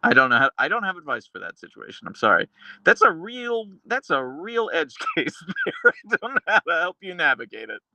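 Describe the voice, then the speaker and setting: Guy streamer reading chat, gravelly bright voice, dry close sound, deadpan dark jokes. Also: a little high, fairly quick. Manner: dark deadpan humor, frequent laughter. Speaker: livestream host reading chat. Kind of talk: casual live-stream chat.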